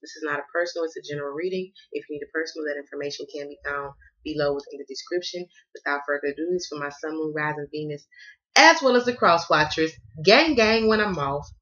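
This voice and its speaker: A woman's voice: sits low, fast talker, a bit bright, lo-fi sound. A woman from the American South doing a casual tarot reading, sassy and playful and cussing freely. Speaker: tarot reader.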